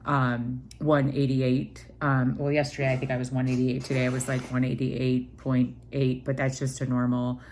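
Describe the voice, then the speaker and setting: A woman's voice: rumbling low, flat delivery, normal speed, few pauses, a little mellow, a little hiss or hum. A young woman chatting casually to camera in a home vlog, rambling with many fillers and restarts. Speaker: vlogger.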